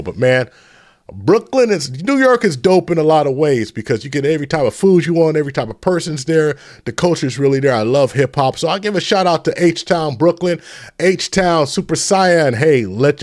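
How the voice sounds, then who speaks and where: A middle-aged man from the Bay Area hosting a casual live stream, telling rambling stories and shouting out viewers. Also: a little high, dry recording, clean studio sound. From San Francisco Bay Area.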